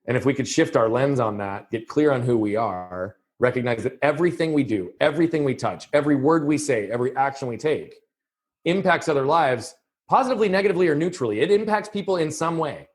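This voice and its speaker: A man's voice: medium pitch, lively intonation. A man who works as a performance coach, talking earnestly as a podcast guest, often using "like" as a filler. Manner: quick, earnest, emphatic with "like" fillers. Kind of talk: casual podcast conversation.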